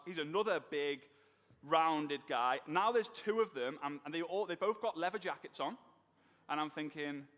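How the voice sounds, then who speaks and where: A man telling his business story on stage, animated and emotional, acting out what others said. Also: sits high. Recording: long hall reverb.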